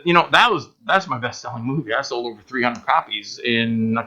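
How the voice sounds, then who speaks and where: A man chatting casually in an interview, telling animated stories about making films, acting out quotes and swearing freely. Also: mid-range voice, brisk, breathy edge, lo-fi sound. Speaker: guest filmmaker.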